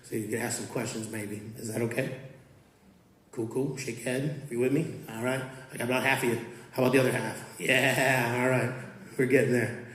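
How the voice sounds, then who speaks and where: A man's voice: medium pitch, brisk, slight background noise. A man in his fifties, a coach and student teacher, reciting poetry and chatting casually with students in a school hall. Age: 50s. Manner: relaxed, conversational, rhythmic when reciting. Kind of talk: poetry reading and talk to students. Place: school auditorium or large classroom. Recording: echoey room.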